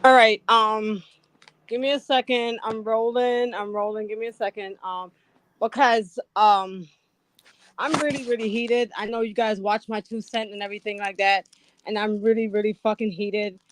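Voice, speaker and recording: A woman's voice: mid-range voice, fairly even intonation, normal speed. Angry profane woman on a livestream. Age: older. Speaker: livestream guest. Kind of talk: heated livestream rant.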